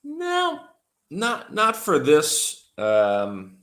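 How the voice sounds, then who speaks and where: A man teaching English on a livestream, who talks slowly and repeats words for his learners. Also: on the high side, wildly swooping pitch, fairly bright tone. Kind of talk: livestream language lesson.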